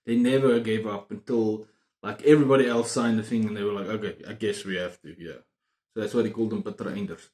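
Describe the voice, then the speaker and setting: Excitable man, roomy sound. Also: on the low side, fast. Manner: excitable, repeats words and phrases. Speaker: book vlogger. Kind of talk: casual book review chat. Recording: roomy echo.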